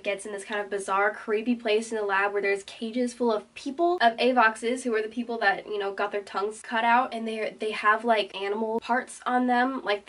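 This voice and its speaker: A woman's voice: mid-range voice, a bit bright, far from the mic. A woman giving a casual, chatty plot recap, full of filler words and acting out the quotes. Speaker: book recap vlogger.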